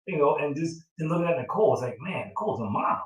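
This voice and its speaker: A man's voice: on the high side, expressive, fast talker. A middle-aged man, a proud father, telling a long heartfelt story in casual chat, with many fillers and an emotional tone. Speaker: father of the groom. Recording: roomy sound from a distant mic.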